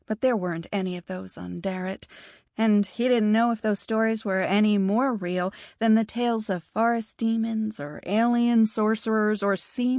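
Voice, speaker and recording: A woman's voice: mid-range voice, a little mellow, no room sound. Woman narrating an audiobook, dry studio. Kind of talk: scripted narration.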